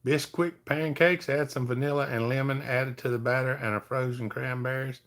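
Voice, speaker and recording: Folksy middle-aged man hosting a relaxed livestream chat. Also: mid-range voice, moderate pace. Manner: folksy, easygoing, talks to viewers by name. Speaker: livestream host. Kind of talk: casual chat reading viewer comments.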